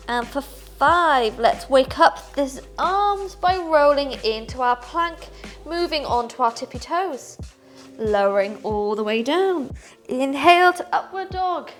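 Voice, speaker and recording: A young woman teaching a power yoga class, upbeat as she talks students through poses and counts breaths aloud while she moves. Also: high voice. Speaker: yoga instructor. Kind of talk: guided yoga class instruction.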